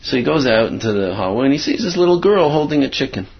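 Husky guy rambling through a story, lots of fillers, voice bouncing all over, muffled lo-fi. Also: mid-range voice, big pitch swings, quick pace. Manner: rambling, many fillers, acts out quotes. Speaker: Torah teacher. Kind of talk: storytelling talk. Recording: dull lo-fi recording.

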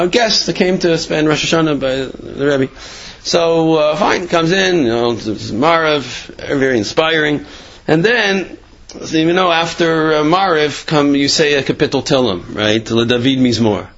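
A man's voice: mid-range voice, a bit bright. Man giving a casual Torah talk. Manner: storytelling, many fillers, rhetorical questions. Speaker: Torah teacher. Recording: dull lo-fi sound.

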